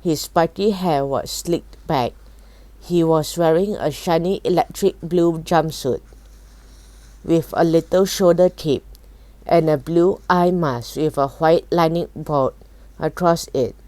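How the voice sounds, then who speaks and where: A woman reads a children's chapter book aloud in a calm, even way. Her voice is low and mellow, with a slow, careful pace. The recording is close and dry. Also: dry recording. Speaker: storybook reader. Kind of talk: storybook read-aloud.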